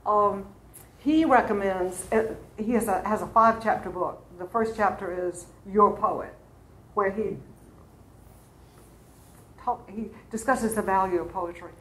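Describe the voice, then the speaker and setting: A woman's voice: medium pitch, a little slow, pauses often, a bit bright. A woman teaching an adult class in a church classroom, lecturing in a chatty way with fillers and asides to her students. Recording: roomy classroom recording.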